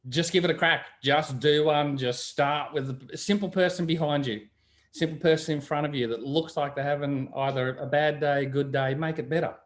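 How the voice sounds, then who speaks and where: A man's voice: a little high, fairly even intonation, normal speed. A man in casual chat, telling stories and acting out the voices of people he quotes. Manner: chatty storyteller, acts out quoted voices. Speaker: guest.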